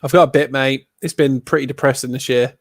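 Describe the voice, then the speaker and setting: A man chatting as a guest on a livestream, explaining his view in a relaxed, earnest way. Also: medium pitch, fairly quick, no room sound. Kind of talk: casual chat.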